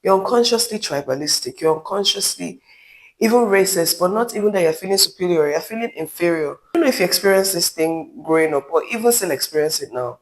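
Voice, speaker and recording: A man's voice: sits high, expressive, quick pace, low-quality recording. Candid Nigerian man with a raised voice. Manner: candid, emphatic, with rambling asides. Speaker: vlogger. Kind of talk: opinion vlog.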